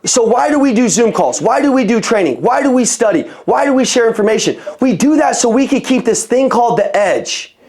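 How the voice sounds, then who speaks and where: A man's voice: very high-pitched, expressive, a little fast, darkish tone. A man coaching a sales team over a video call, talking bluntly and with profanity in a fired-up motivational style. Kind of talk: motivational sales training talk.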